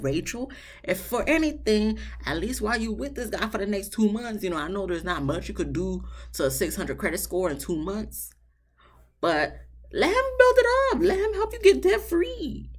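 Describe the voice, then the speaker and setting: A woman hosting a casual reality TV recap, chatty and opinionated. She addresses the couples directly and jumps to a high, emphatic pitch when she does. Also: a bit bright. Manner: talks straight to the people on the show, laughing at her own asides. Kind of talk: casual episode recap commentary.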